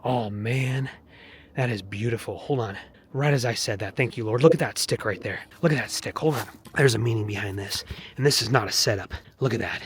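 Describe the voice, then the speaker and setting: Male vlogger, mid-pitched, walking outdoors with faint background hiss; earnest, rambling, preachy delivery. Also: brisk. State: walking, heart rate up. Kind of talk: casual walking vlog testimony. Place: outdoors on a mountain trail.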